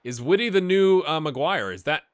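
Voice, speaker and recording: A man giving casual, amused commentary while playing a football management game, getting excited during the action. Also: on the high side, a little fast. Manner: chatty, amused, jumps to excited play-by-play. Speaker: gaming YouTuber. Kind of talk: casual let's-play commentary.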